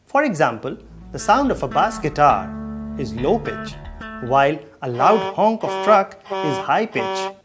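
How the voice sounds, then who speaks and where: A man's voice: fairly high pitch, sing-song, unhurried, loud music behind the voice. A man patiently explaining sound waves in a scripted educational dialogue. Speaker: science explainer.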